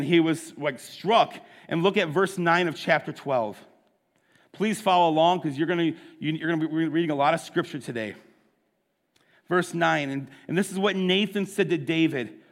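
A man with a fairly high voice preaches a sermon in a church sanctuary. He retells the story in a loose, conversational way, breaking off for asides to his listeners. His voice rings out with the long reverb of a large hall. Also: moderate pace. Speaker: pastor.

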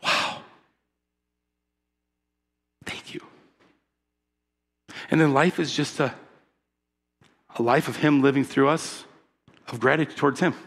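A man's voice: medium pitch, fairly even intonation, takes it slowly, vocal fry, pauses often, a bit bright. A male pastor preaching an impassioned, emphatic sermon and calling for responses from his congregation. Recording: long reverb of a large hall.

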